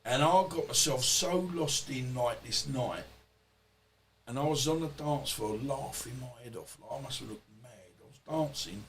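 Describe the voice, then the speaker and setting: A man's voice: medium pitch, normal speed, creaky, a bit bright, low-quality recording. Rambling man telling stories. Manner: rambling, swears freely, acts out quoted dialogue. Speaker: podcast guest. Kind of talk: casual storytelling interview.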